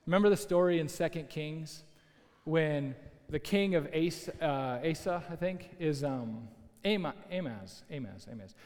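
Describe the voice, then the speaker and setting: Animated storytelling pastor in a hall. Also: male voice, on the high side. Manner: animated, conversational storytelling with asides. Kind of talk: storytelling sermon. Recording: long hall reverb.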